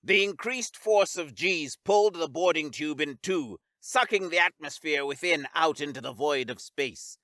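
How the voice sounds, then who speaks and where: A man narrating a scripted science fiction story in a steady, even storytelling read. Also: on the high side, moderate pace, few pauses, dry recording.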